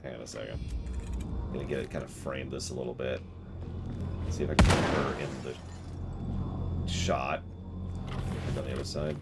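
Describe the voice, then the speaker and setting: A man's voice: extremely low pitch, little pitch movement, normal speed, creaky, pauses often, heavy background noise. A man streaming a video game, rambling and joking at himself as he plays. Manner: rambling, jokey, self-mocking. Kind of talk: let's-play commentary.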